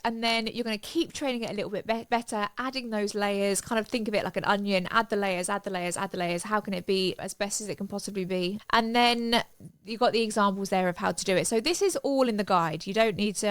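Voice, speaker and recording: A woman teaching a step-by-step software tutorial in an upbeat, chatty, enthusiastic way. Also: mid-range voice, smooth, dry recording. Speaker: online business tutor.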